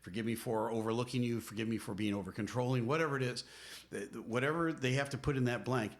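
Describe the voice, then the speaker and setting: A middle-aged man with a mid-range voice talks fast as he co-hosts a podcast. Acting as a marriage counselor, he offers earnest, emphatic advice in a preacherly style, teaching through conversation.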